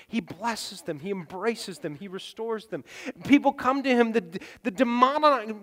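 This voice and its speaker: High-voiced male preacher in reverberant hall. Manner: animated, acts out voices in quotes, drops to near whisper. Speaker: pastor. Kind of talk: sermon.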